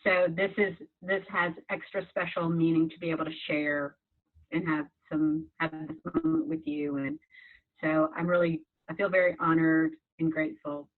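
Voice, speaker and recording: Low-voiced woman on a tinny call line. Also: moderate pace, vocal fry. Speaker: guest. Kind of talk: casual heartfelt chat. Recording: tinny video-call audio.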